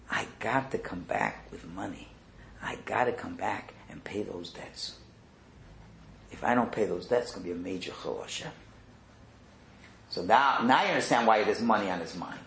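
Animated man teaching a Torah class. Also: mid-range voice. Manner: animated, asks rhetorical questions, acts out quotes. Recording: roomy echo.

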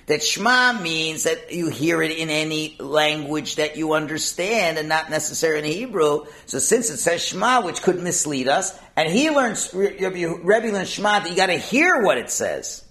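A man's voice: a little high, fairly bright tone. A man explaining a Talmud passage, asking and answering his own questions and mixing in Hebrew and Aramaic terms. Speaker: Talmud teacher.

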